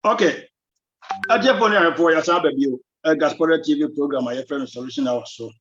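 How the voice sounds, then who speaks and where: A man's voice: on the high side, a little fast, a bit bright, slight background noise. Man, Ghanaian accent, live show host, greets viewers, mixes Twi and English, muffled lo-fi sound. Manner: mixes Twi and English, reads out names and phone numbers. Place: Belgium.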